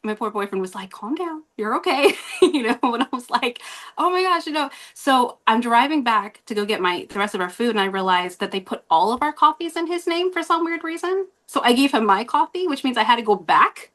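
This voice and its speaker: A woman's voice: fairly high pitch, lively intonation, brisk, hardly any pauses, fairly bright tone. A woman telling a story on a podcast as guest host, rambling with many fillers and frequent laughs.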